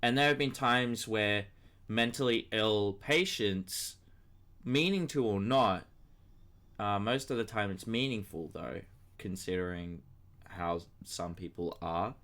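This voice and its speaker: A young man hosts a casual podcast chat, rambling through long stories with hesitant restarts. His voice sits a bit low but sounds bright. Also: takes it slowly. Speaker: podcast host.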